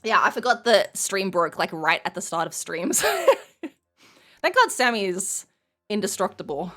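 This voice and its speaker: A woman streamer with a light Australian accent and a lively, swooping voice. She chats casually to her viewers and laughs easily as she fixes tech problems. Faint music sits behind her. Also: mid-range voice, measured pace. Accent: Australian, mild. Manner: chatty, laughs often, talks to chat while fixing tech. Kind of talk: casual live-stream chat.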